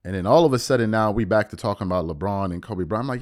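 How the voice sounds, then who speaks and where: Recording from his home abroad, this man hosts a sports podcast full of slang, emphatic delivery and repeated words. He talks fast in a fairly low, slightly mellow voice.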